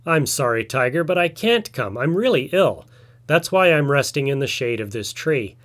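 A man's voice: mid-range voice, very animated, normal speed, fairly bright tone. A man voicing a lazy, boastful male spider trickster who feigns weakness, in a told folk tale. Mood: feigning weakness.

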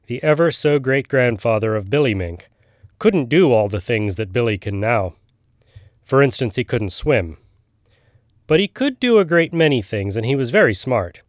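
A man voicing a gruff, knowing old male frog who tells a tale in a storybook reading. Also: mid-range voice, no echo, clean studio sound, lightly acted.

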